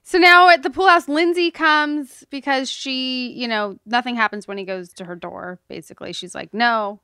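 Giggly woman co-host, high smooth voice, bright, super enthusiastic. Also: no echo, studio quality. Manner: giggly, enthusiastic, quick reactions. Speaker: podcast co-host. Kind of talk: casual chat, episode rewatch.

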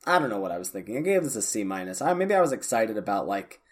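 A man's voice: lowish voice, very animated, fast talker, husky. A man co-hosting a podcast in casual chat, often restarting his sentences and arguing a skeptical point. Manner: hesitant restarts, skeptical and argumentative. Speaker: podcast co-host. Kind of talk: casual chat about card-game strategy.

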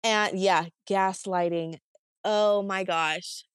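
A woman, a podcast guest, telling her story in a casual, animated way and acting out both sides of a phone argument. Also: mid-range voice, slow, clear, resonant tone, no echo, studio quality.

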